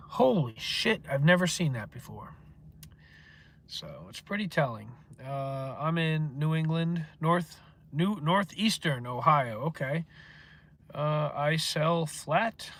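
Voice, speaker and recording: A man's voice: a little high, pushed and bright. A man hosting a casual livestream, rambling and swearing as he answers chat comments. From northeastern United States. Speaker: livestream host.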